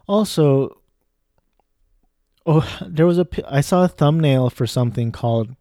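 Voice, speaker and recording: A man with a mellow, dark voice rambles through a casual monologue and drifts off topic. He is recorded close in a dry, dead room. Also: mid-range voice, no room sound. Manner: digressive, lots of fillers and restarts.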